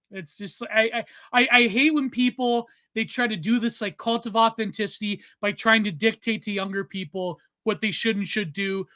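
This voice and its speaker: A young man rants on a casual podcast, swearing hard and sounding fed up. His voice is bright and forward, and it is recorded close and dry with no room sound. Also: very high-pitched, no echo. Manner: profane, ranting, exasperated. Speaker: podcast co-host. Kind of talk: heated casual podcast rant.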